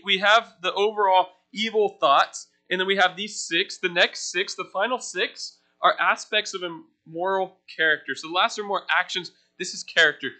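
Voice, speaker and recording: Bright-voiced pastor, chatty sermon. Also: male voice, a little high. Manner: conversational, asks the room questions, self-deprecating asides. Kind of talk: casual teaching sermon. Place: church.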